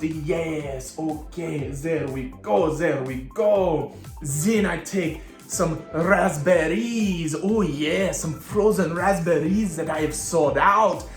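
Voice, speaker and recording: A man hosting a children's cooking demonstration, talking very slowly and playfully with mock-French asides. His voice sits at an ordinary middle pitch. The room is echoey, with faint music underneath. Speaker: children's show host.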